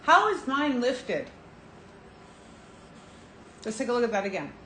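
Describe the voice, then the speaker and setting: Middle-aged woman, skincare presenter on a live shopping show; bright, forceful tone, slightly high voice, chatty and eager. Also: sing-song, unhurried, a little hiss or hum. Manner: enthusiastic, chatty sales pitch. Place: TV shopping studio.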